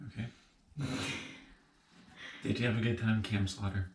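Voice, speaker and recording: A man's voice: on the low side, little pitch movement, unhurried. A man co-hosting a snack-review video, chiming in with short, dry remarks. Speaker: co-host. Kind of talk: casual chat. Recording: echoey room, distant from mic.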